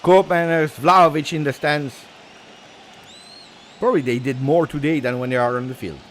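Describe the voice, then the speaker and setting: A man hosting a live football watch-along, chatting with viewers and reacting to the match, whose voice swings from low asides to loud cheering. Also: moderate pace, slight background noise. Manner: excitable, switches from low asides to shouting celebration.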